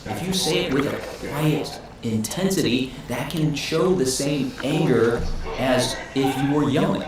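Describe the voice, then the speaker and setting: Acting teacher guy explaining calmly, lots of rhetorical questions, echoey room with crowd noise. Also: mid-range voice, unhurried. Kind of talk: instructional video.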